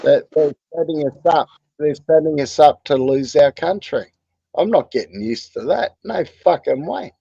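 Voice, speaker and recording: A man's voice: on the high side, normal speed, gravelly, dark tone, husky, dry recording, lo-fi sound. An Australian man hosting a livestream in crude, rambling casual chat, swearing constantly. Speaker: livestream host.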